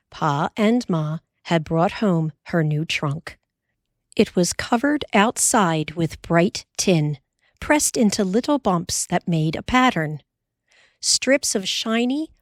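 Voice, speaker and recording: Slow, low-voiced woman audiobook narrator. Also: no echo, clean studio sound. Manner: measured and unhurried. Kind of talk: scripted narration.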